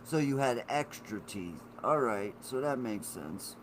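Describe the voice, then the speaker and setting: A man in his forties rambles through a casual live-stream chat at a slow, unhurried pace. He swears freely and talks straight to his viewers. His pitch sits in an ordinary middle range, with a faint hum of room ambience behind him. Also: lively intonation. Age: 40s.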